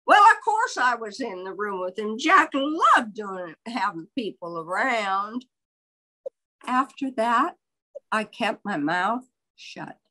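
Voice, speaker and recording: An older woman, a biographer, telling a long story in an interview in a candid, wry and animated way. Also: on the high side, rough recording.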